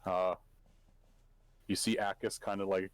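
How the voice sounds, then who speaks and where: A man's voice: low voice, flat delivery, measured pace, no room sound. A man narrating as game master for a tabletop game, hesitant and full of fillers.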